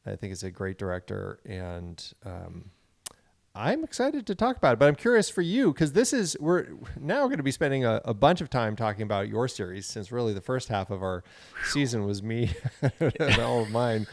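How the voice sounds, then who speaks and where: A man's voice: on the low side, big pitch swings, normal speed, gravelly. A man co-hosting a film podcast in casual chat, with playful, teasing banter. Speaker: podcast co-host.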